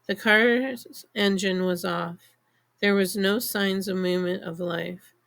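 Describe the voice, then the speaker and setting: A woman reading an audiobook in the first person, unhurried and measured. Her voice has a gravelly texture and sits at a middle pitch. The delivery is steady scripted storytelling. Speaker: audiobook narrator.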